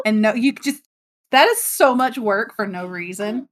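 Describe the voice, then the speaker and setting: A woman co-hosting a podcast who reacts with jokes and teasing quips. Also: a little high. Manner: joking and teasing, quick quips. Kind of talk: casual chat.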